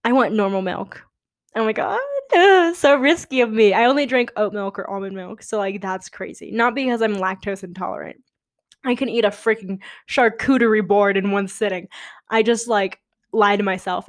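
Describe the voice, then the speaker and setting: A young woman hosting a podcast, talking casually on her own in a chatty, rambling way with dramatic asides. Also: mid-range voice. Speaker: podcast host. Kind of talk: casual solo chat.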